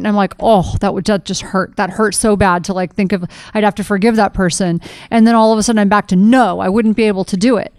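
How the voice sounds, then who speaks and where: A woman's voice: mid-range voice, a little mellow, clear, resonant tone, dry recording. A middle-aged woman co-hosting a podcast in casual conversation, telling stories with animation and acting out quoted dialogue. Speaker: podcast co-host.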